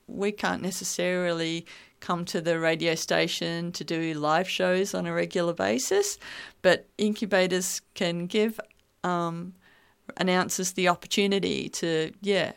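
Woman radio host, smooth clear voice, rambling chatty delivery. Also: on the low side. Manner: chatty, rambling, laughs easily. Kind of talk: casual radio chat. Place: radio studio basement.

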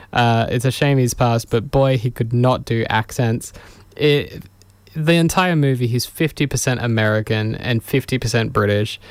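A man chats on air as a radio host, wandering through his thoughts with chuckles, fillers and restarts. His voice comes across smooth and resonant at a middling pitch. The studio mic sounds close and dry. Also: no echo. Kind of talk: casual on-air chat. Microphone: studio microphone.

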